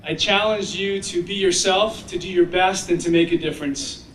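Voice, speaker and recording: High-voiced man telling stories at a graduation. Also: moderate pace, slight background noise. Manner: animated storyteller, acts out children's voices. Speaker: commencement speaker. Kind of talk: ceremonial speech with storytelling. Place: graduation ceremony. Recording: echoey sound from far off.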